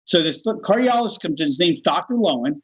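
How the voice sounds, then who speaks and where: American man, middle-aged, slightly high voice, lively storytelling, laughs easily. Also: brisk, slightly rough, poor audio. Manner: animated, laughs while telling. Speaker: guest. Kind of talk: casual storytelling.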